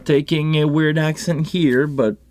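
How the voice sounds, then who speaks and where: A man's voice: fairly high pitch, fairly even intonation, measured pace, darkish tone, no room sound. A man with a French Canadian accent hosting a casual live stream about sound gear, chatting in a rambling way with many restarts and asides. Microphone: live microphone on a console setup.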